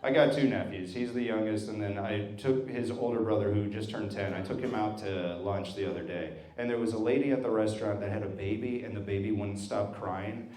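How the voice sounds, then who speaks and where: A man doing a stand-up comedy set, telling stories in a deadpan way with acted quotes. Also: fairly low pitch, a little fast, hardly any pauses. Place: brewery stage with live audience. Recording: roomy live venue with crowd laughter. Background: audience laughing.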